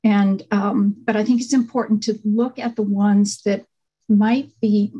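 A middle-aged woman, a faculty panelist, giving a conversational workshop talk over a video call with frequent pauses and fillers. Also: mid-range voice, fairly even intonation, warm tone, slightly rough, low-quality recording. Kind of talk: online workshop presentation.

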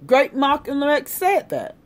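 Emphatic woman ranting, high lively voice. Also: a little slow. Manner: emphatic, sarcastic, repeats herself for effect. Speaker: vlogger. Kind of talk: impassioned political rant.

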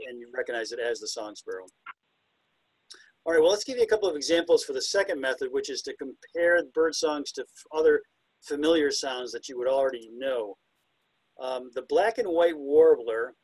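A man's voice: medium pitch, husky, no echo, low-quality recording. A man presenting a talk on identifying birds by ear, chatty and self-deprecating, now and then imitating the calls. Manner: imitates bird calls with hoots and whistles. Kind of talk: illustrated talk on bird songs.

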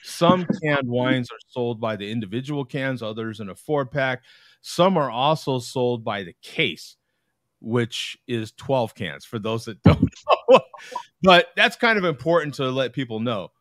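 A man from the United States hosting a casual video-call chat, talkative, laughing often and reading aloud in a halting way. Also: mid-range voice, expressive, a bit bright, dry recording. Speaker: host.

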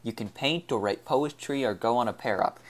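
A man's voice: medium pitch, moderate pace, lightly acted. A man reading the part of a troubled young woman in an audiobook, with a trembling, scornful delivery. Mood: bitter.

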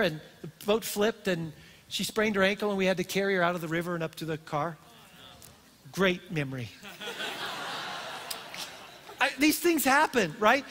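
An older pastor speaks from the stage of a church auditorium, telling stories with animated energy. His voice sits high for a man. It rings out with a long hall reverb. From Colorado, USA. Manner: storytelling, animated and warm-hearted. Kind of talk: sermon.

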